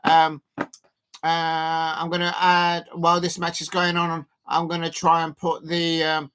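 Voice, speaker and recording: A man streaming a live football watch-along, chatting loosely with lots of fillers and sudden bursts of excitement. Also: fairly high pitch, unhurried, a little hiss or hum. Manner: rambling, filler-heavy, bursts of excitement at chances.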